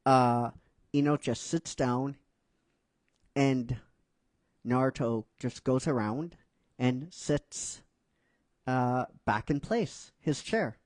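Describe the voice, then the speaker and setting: A man's voice: mid-range voice, slow, long pauses, darkish tone, no room sound. A man casually narrating his own script, rambling and hesitant, with fillers and self-corrections. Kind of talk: casual storytelling.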